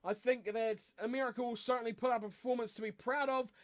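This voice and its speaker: High-voiced New Zealand man predicting rugby. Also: steady tone, quick pace. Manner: chatty, rambling, with frequent fillers and restarts. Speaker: rugby channel host. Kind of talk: casual match predictions.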